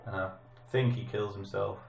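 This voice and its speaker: A man's voice: fairly low pitch, steady tone, normal speed, vocal fry, darkish tone. A British man hosting a casual film debate podcast, joking and reading out film facts. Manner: jokey, reads film facts off a screen. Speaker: podcast host. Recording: roomy echo.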